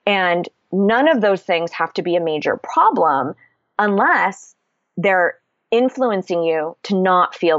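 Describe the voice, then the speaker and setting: A woman's voice: fairly low pitch, no echo, muffled recording. A woman speaking candidly in a casual podcast conversation, explaining ideas and swearing freely.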